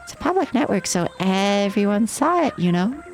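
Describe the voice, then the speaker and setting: A woman's voice: medium pitch, sing-song, normal speed, a little mellow, slight background noise, low-quality recording. A woman voicing a gleeful, sadistic female TV game show host in a mocking, theatrical way. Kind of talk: voicing game dialogue on stream.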